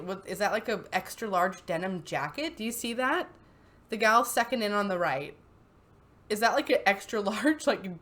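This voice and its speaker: A woman's voice: fairly low pitch, fairly bright tone. Chatty, giggly woman commentator. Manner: chatty, giggly, full of fillers. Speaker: channel host. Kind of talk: casual commentary on posts.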